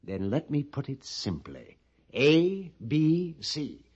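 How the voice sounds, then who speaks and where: A man's voice: a little high, sing-song, slow pace, a little mellow, breathy edge, full character voice. An actor playing a nervous, fussy male storekeeper at an army post in a 1950s radio drama, theatrical and prone to whispering. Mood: fussy, pompous. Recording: dull old radio broadcast recording.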